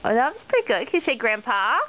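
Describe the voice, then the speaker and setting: A woman talks to her toddler in a high, swooping sing-song, slow and patient. She coaxes and praises in baby talk. The home video sounds muffled and lo-fi, with a little noise behind. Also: sing-song. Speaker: mother.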